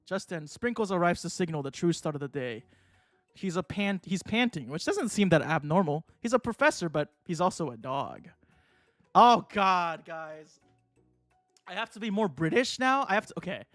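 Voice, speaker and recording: A young adult man streaming a game, talking casually and excitably, swearing and laughing often. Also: high-pitched, normal speed, no echo, faint music behind. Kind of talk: casual livestream commentary.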